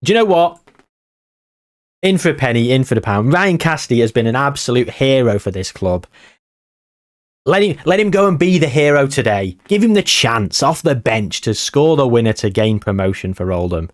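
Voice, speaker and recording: A man, tired, giving casual commentary on a football management game and muttering player names between bursts of excitement. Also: medium pitch, normal speed, dry recording, studio quality. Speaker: gaming channel host.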